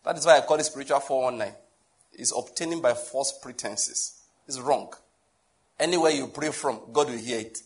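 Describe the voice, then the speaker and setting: A Nigerian pastor preaching a sermon in a conversational, humorous way, often asking the listeners questions. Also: male voice, medium pitch, normal speed.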